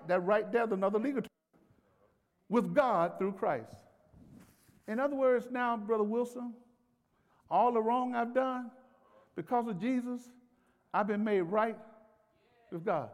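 A man's voice: high voice, a little slow, pauses often. A man preaching a sermon as pastor, in a folksy, conversational way with laughter and acted-out pleading. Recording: long hall reverb.

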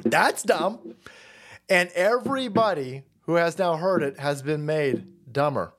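Guy streaming, swearing and mocking, lively high voice. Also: moderate pace. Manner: mocking, swearing, laughing, swings loud and low. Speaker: political commentary streamer. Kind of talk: profane ranting commentary.

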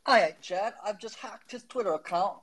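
Husky American man, rambling and self-mocking. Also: high-pitched, moderate pace, a bit bright, rough recording. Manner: rambling, laughing, self-deprecating. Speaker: guest. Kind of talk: casual chat on a live audio space.

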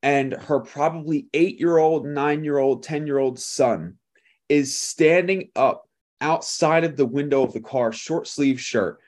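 A male pastor preaching a sermon, telling a lively story and acting out the people in it with laughter. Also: fairly high pitch, unhurried.

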